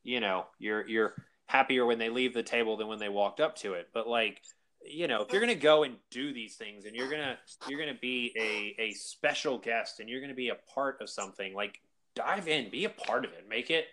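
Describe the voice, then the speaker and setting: In a brisk, mid-range voice with a bit of brightness, a man from South Carolina talks up his work as a convention organizer during a relaxed podcast interview. He's enthusiastic and leans on plenty of fillers.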